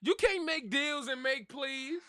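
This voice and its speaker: Loud laughing streamer, bright high voice. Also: male voice, unhurried, dry recording, studio quality. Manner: loud, laughing, profane running commentary. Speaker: streamer reacting to a video. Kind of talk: casual reaction commentary.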